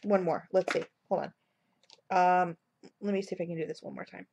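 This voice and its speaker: Excited rambly woman w a cold, lowish voice, computer mic at home. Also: fairly quick, creaky, slight background noise. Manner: gushing, rambling, many fillers. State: has a cold. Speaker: vlogger reviewing wax melts. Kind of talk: casual excited product review.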